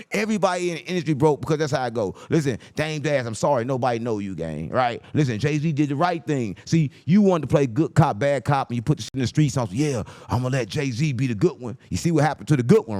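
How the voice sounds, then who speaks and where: A man hosting a mocking commentary rant, repeating taunts and swinging between loud jabs and low mutters. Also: lively intonation, brisk, dry recording, studio quality. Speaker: commentary host.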